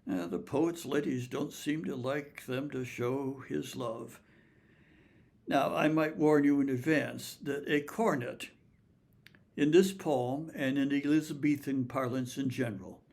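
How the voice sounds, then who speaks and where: Gravelly male lecturer, unhurried delivery, reads verse with care. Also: mid-range voice. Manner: slow, measured reading of verse. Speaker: lecturer on poetry. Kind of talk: recorded literature talk with poetry readings.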